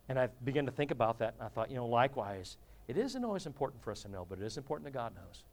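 A man's voice: medium pitch, lively intonation, very fast. Joking, conversational male preacher. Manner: humorous, conversational, asks the congregation. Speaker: pastor. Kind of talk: sermon.

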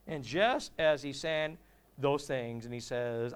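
A man's voice: a little high, moderate pace, clear, resonant tone. Joking, conversational male preacher. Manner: humorous, conversational, asks the congregation. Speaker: pastor. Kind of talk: sermon.

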